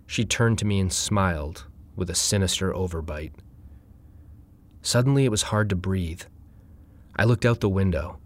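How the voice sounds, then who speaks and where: A man reading a first-person story aloud in a wry, deadpan way. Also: deep voice, moderate pace, long pauses. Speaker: narrator.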